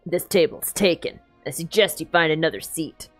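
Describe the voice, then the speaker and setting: A surly male criminal snaps back in a lowered, curt voice, as a woman puts him on. He is dismissive and unfriendly, a gruff tavern regular from a video game. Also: normal speed, soft background music. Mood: hostile. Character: hostile male criminal who hates mice.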